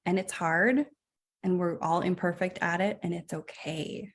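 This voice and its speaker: A woman's voice: fairly low pitch, steady tone, unhurried, a little hiss or hum. A woman physician speaking as a podcast guest, chatty and reflective, with frequent light laughs. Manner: reflective, chatty, laughs often, says like a lot. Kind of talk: casual podcast conversation.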